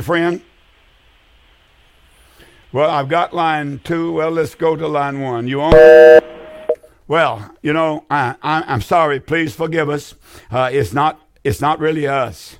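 A man's voice: a little high, a bit bright. An older man hosting a call-in Bible radio show, earnest and folksy, often repeating his phrases for emphasis.

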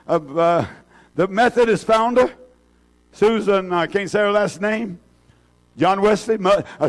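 A man preaching a fervent revival sermon, repeating himself with many fillers and restarts. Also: sits high.

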